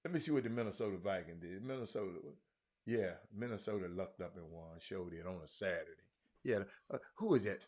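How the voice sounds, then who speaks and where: Excitable man hosting a sports talk stream. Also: low voice, brisk. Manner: loud, excitable, calls out viewers by name; Southern vernacular, y'all and ain't. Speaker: sports talk show host. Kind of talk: casual livestream chat reading comments.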